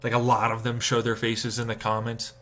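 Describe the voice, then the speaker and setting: A man live-streaming a casual rant, swearing and exasperated, mocking others with sudden high-pitched outbursts. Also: monotone, a little fast, pushed and bright.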